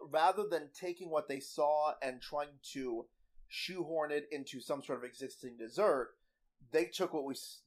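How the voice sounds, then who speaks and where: A young man with a fairly high voice co-hosts a casual podcast. He talks in a loose, chatty way, full of fillers and restarts. He laughs easily as he talks. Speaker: podcast co-host. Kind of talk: casual chat recapping a TV baking show.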